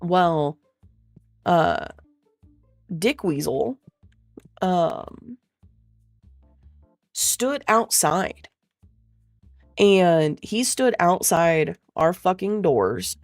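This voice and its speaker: A woman's voice: lowish voice, lively intonation, drawn-out words, pauses often, no echo, faint music behind. A young woman streamer telling a rambling, swear-laden story in a casual way, full of fillers. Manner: profane, rambling, filler-heavy.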